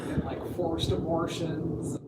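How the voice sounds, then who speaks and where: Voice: mid-range voice, monotone, slow. A co-host talking casually in a streamed chat, laid back and swearing. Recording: distant, roomy mic with loud noise.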